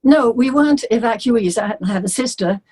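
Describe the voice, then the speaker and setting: An older woman from England, a singer, chatting as a guest and telling childhood stories in a lively, anecdotal way. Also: on the high side, brisk, slightly rough, rough recording. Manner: chatty, warm anecdotes, laughs easily. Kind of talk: interview.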